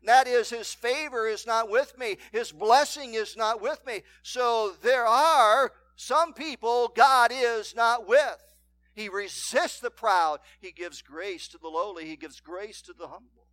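A man preaching a sermon as pastor, reading scripture aloud and swinging between loud emphatic declarations and hushed asides. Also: extremely high pitch, unhurried, dry recording. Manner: reads scripture in King James wording.

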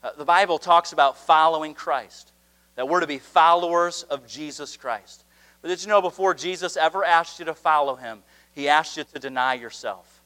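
A man delivers a revival sermon in a church with a high, ringing voice. He preaches with fervor, swelling to impassioned peaks and stretching out the phrases he wants to land. His tone is bright and forceful throughout. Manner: impassioned, rising to fervent climaxes with slowed emphatic phrases. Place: church at an evening revival meeting.

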